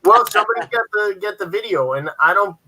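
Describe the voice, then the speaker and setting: A man's voice: high voice, expressive, fairly quick, bright, forceful tone, low-quality recording. A man co-hosting a casual livestream chat, joking and laughing often as he teases the others. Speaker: livestream co-host.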